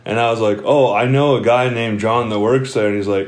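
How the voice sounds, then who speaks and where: A man's voice: on the low side, steady tone, fairly quick. A young man telling stories in casual chat, rambling, laughing often and swearing freely. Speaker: podcast co-host.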